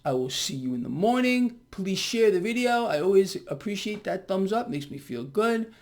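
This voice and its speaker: A high-pitched man with lively intonation and a moderate pace gives forceful market commentary directly to camera. "People," he calls his audience, repeating himself and regularly checking in with "okay?"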